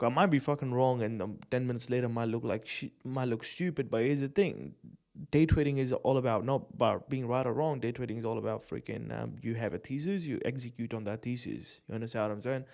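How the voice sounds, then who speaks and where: A man's voice: mid-range voice, gravelly, darkish tone. A man giving casual live commentary on a day-trading stream, swearing, using slang and laughing often as he talks through charts.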